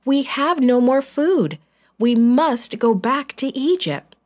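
Woman voicing anxious pleading brothers, pitched up. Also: lively intonation, takes it slowly, darkish tone. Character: group of worried grown brothers.

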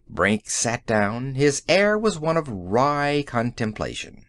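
A man narrating a science fiction story in an audiobook, with an expressive storytelling delivery. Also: medium pitch, slow pace, hardly any pauses, dry recording.

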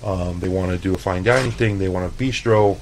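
A man's voice: sits low, fairly quick, a little hiss or hum, poor audio. A man from El Paso, a chef guest telling laid-back, profane stories in a casual interview. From El Paso, Texas.

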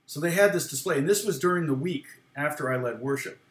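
A man with a slightly high voice tells a long story from his past in a relaxed, rambling way. He laughs now and then and acts out what people said. The sound carries some room echo. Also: fast. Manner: rambling, laughs often, acts out quoted lines. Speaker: guitar teacher and former worship leader. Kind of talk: casual storytelling.

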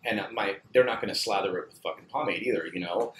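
A man who owns a barbershop, chatting casually as a guest, animated and swearing freely with lots of "like" fillers. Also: on the low side, fast. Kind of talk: casual chat. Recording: roomy echo, faint background hum.

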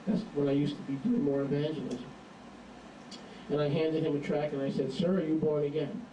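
Recorded from a distance in a hall with noisy background, a man with a slightly high voice preaches a sermon. His delivery is emphatic and animated, like a storyteller.

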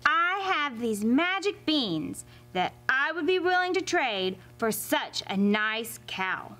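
A woman voicing a smooth-talking man who coaxes a boy into a trade. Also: high voice, very animated, takes it slowly, sharp tone, faint music behind, full character voice. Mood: coaxing.

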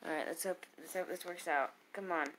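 A woman casually commentating her own game battles, muttering to herself and bursting into loud cheers. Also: lowish voice, fairly quick, a little hiss or hum.

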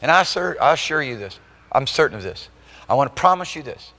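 A male pastor delivering a live church sermon in a mid-range voice, neither high nor low. He punches some phrases out loudly and drops to near-hushed asides on others. He keeps tossing quick rhetorical check-ins to the room. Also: sing-song, big-room sound. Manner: emphatic preaching, swinging between loud exclamations and soft intimate asides. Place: church sanctuary during a live service.

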